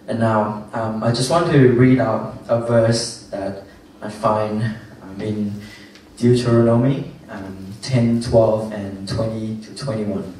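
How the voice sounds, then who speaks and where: A man's voice: fairly low pitch, steady tone, slow pace, a little mellow, slight background noise. A young man giving an informal youth sermon, rambling with lots of fillers and restarts. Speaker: youth speaker. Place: church hall. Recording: very echoey hall, from far off.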